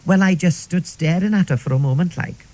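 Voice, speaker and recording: Here the same kind of role appears: a man voicing a chatty middle-aged Welsh woman, rambling and confiding, dropping "like" and "see" throughout her stories on radio. He sounds high-pitched and brisk, with a dark, nearly everyday tone, captured on a rough recording.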